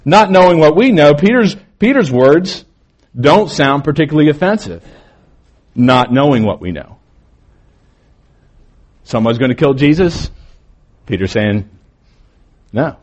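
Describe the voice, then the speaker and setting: A male pastor preaching a morning sermon, moving between emphatic lines and quieter, drawn-out phrases. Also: on the high side, lively intonation.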